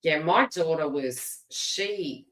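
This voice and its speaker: A woman's voice: deep voice, animated, slow pace, a bit bright. A middle-aged Australian woman giving a live tarot reading and chatting casually, laughing often and restarting her phrases. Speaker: tarot reader. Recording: roomy echo.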